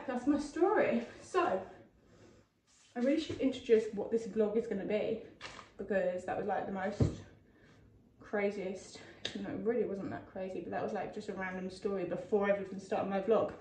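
A woman's voice: mid-range voice, moderate pace. A young woman, chatting casually to her vlog camera in a rambling, self-deprecating way. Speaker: vlogger. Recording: echoey, distant mic, faint noise.

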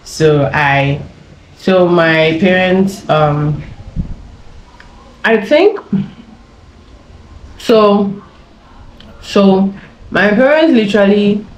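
A woman's voice: medium pitch, drawn-out words, long pauses. Young woman from Ghana, chatty YouTuber storyteller, rambling, echoey room. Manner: chatty, laughing, rambling with many fillers. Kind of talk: casual story time. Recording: echoey room with faint ambience.

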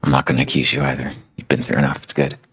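A calm, forgiving male teacher with a very deep, gravelly voice, as a man voices him. He talks in an easygoing, conversational way, and there is a husky roughness in his tone. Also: rapid-fire, exaggerated voice. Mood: gentle.

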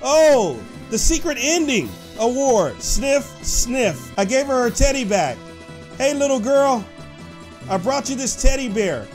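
A man hosting excited gameplay commentary, talking to his viewers and shouting when the action peaks. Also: very high voice, measured pace, soft background music. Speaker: gaming host.

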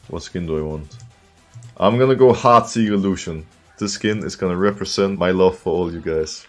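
A man casually commenting on his own game as he streams, excitable, often laughing and talking to his viewers. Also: low-pitched, moderate pace, soft background music. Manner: excitable, laughing, talks to chat.

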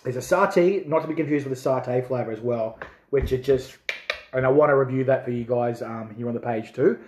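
A man reviewing hot chili jerky, excitable and swearing as the heat builds. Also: mid-range voice, brisk, echoey room. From Australia. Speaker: food reviewer. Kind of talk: casual chili review vlog.

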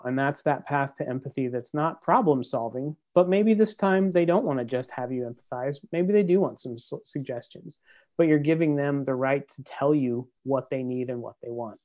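A man's voice: mid-range voice, normal speed. A man giving a webinar talk to parents, in a direct, encouraging manner. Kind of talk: practical talk. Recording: dull lo-fi webinar audio.

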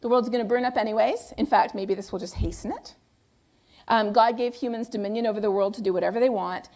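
A woman delivering a public lecture in a fairly high voice. She is conversational and emphatic, and she keeps posing rhetorical questions and then answering them herself. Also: steady tone, fast talker, darkish tone. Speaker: guest lecturer.

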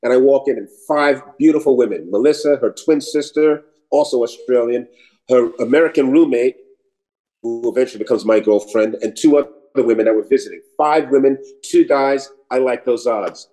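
A man from New York, an actor and comedian, telling anecdotes in an animated way, switching voices and swearing casually. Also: mid-range voice, moderate pace, rough recording. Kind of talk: anecdotal storytelling.

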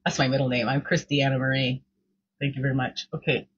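A woman's voice: extremely low pitch, level tone, fairly quick, lo-fi sound, a little hiss or hum. A woman hosting her own daily reflection show, reading quotes and chatting casually, often repeating words and asking "right?".

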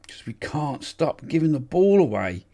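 A man talks through a football management game in a rough, gravelly voice with a dark, husky tone. He is excitable and swears freely, shouting encouragement and complaints at players who cannot hear him. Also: on the high side, normal speed. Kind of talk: casual live game commentary.

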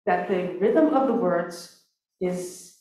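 A woman's voice: lowish voice, slow pace, dark tone. Chatty woman composer in an echoey hall. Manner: chatty, many restarts and fillers. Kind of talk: talk introducing her opera aria. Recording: echoey hall, mic from far off.

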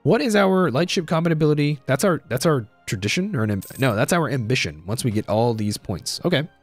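A man's voice: mid-range voice, animated, a little fast, soft background music. A young man giving casual let's-play commentary on a strategy game, thinking aloud, repeating himself and saying "dude".

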